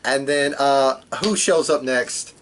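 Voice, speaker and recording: A man's voice: medium pitch, takes it slowly, a bit bright, slight background noise. Man, podcast co-host, casual wrestling recap, rambling, filler-heavy. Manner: rambling recap with frequent ums and uhs.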